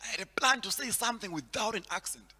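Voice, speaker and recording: A man from Zimbabwe delivers a stand-up set in a high, bright, sharp voice that leaps up and down as he acts out the people in his stories. His lines ring out with a long hall reverb behind him. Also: quick pace, breathy edge. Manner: animated storytelling, acts out characters with big swings in loudness. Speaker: stand-up comedian. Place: large hall at a virtual event.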